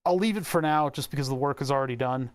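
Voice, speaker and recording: A man's voice: mid-range voice, fast talker. A young man from the Delaware County area of Pennsylvania, talking casually to himself as he works on an electronics build, rambling and playful with words. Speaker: electronics hobbyist vlogger. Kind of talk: casual talk while working.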